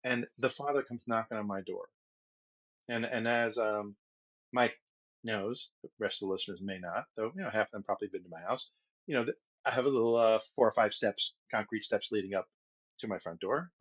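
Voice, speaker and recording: A middle-aged man co-hosting a podcast, telling a long story in an animated, rambling way with lots of restarts. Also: lowish voice, brisk, breathy edge, highs cut off. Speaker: podcast co-host. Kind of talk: casual storytelling chat.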